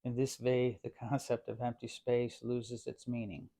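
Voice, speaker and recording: A man putting on a mock German accent to voice an elderly male physicist, reading slowly and deliberately. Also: mid-range voice, little pitch movement, vocal fry, warm tone. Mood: earnest. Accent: put-on German.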